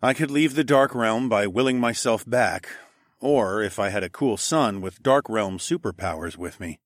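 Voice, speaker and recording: A man's voice: lowish voice, no room sound, studio quality. A man narrating an audiobook in the first person, telling the story expressively.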